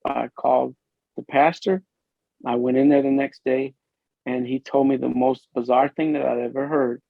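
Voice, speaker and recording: A police officer from Illinois speaks with a gravelly, fry-edged voice at an ordinary pitch, sharing an earnest and emotional testimony in a podcast interview. His speech halts and restarts as he works through the story. The recording is dull and lo-fi, with a dry, close sound. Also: little pitch movement, normal speed, no room sound. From Illinois, USA.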